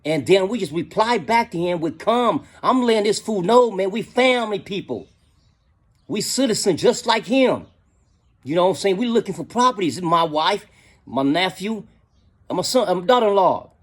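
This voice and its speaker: A man's voice: high voice, lively intonation, normal speed. A middle-aged man telling a casual story in slangy talk, often adding "you know what I'm saying".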